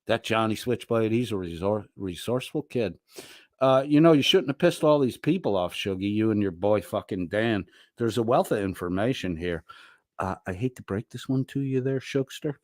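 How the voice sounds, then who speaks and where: A man hosts a casual livestream, reading out viewer chat in a profane, mocking way and swinging between loud jeers and low mutters. He's expressive at normal speed, with clean studio sound and no echo.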